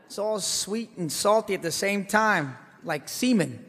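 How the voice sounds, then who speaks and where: A man performing a comic stage monologue in a theater, telling his story with animated swings between loud and hushed delivery. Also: sits high, fairly quick, hardly any pauses. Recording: live hall reverb, faint background noise.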